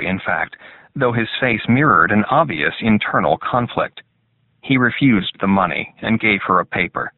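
Brief: male audiobook narrator, low and measured, thin phone-like sound. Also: animated, dry recording. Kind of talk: scripted narration. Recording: tinny phone-like dry sound.

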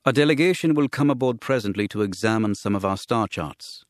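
A man playing a courtly alien aristocrat with a formal, measured and grave manner, his low voice unhurried and solemn in a storybook reading. The recording is close and dry. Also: lively intonation, no room sound, natural voice.

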